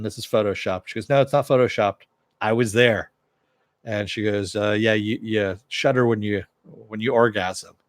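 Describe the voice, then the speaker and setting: There's no echo on this lowish male voice. He's a TV show reviewer casually walking through an episode, retelling the dialogue loosely with "he goes" and frequent "uh" fillers.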